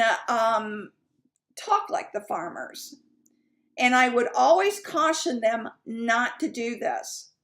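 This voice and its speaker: High-voiced, unhurried woman sales coach. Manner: chatty and candid, with fillers and asides. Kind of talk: casual teaching talk.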